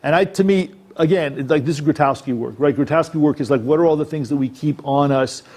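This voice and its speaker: This man's voice is somewhat high and a little mellow, and he talks fast. He's an acting coach delivering a workshop talk on acting in a presentation room, speaking conversationally and checking in with the people listening.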